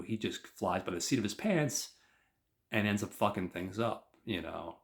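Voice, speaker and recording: A man hosting a podcast, recapping a show in a loose, rambling way. His voice sits very low, and he keeps leaning on fillers as he retells the story in his own words. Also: moderate pace, gravelly. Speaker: podcast host. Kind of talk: casual episode recap.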